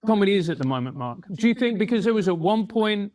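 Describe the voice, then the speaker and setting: A man's voice: high voice, lively intonation, fast, a little mellow, dry recording, studio quality. A male podcast host who interviews a guest, reflective and hesitant, with restarts as he works out his thought. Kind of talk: interview questions.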